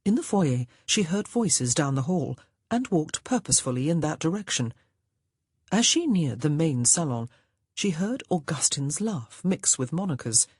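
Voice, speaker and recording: A woman reading a historical romance audiobook in a measured storytelling voice. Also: deep voice, very animated, darkish tone, slightly rough, dry recording, studio quality. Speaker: audiobook narrator. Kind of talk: scripted narration.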